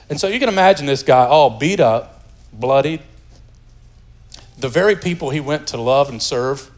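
A pastor from the United States preaching a sermon in a lively, joking, conversational way. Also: male voice, on the high side, moderate pace.

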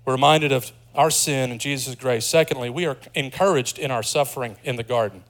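A man preaching a sermon as pastor, earnest, dropping to a hush and then rising with emphasis. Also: medium pitch, fairly quick. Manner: earnest, swings from hushed to emphatic.

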